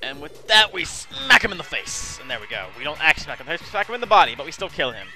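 A man's voice: fairly high pitch, sing-song, quick pace, bright, forceful tone, soft background music. A man giving chatty video game commentary, often calling viewers his friends and apologizing for what he says. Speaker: let's play host.

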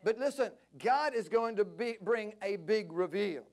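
A man preaching a passionate sermon at a church service, climbing to near-shouts. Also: sits high, lively intonation, measured pace. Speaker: pastor.

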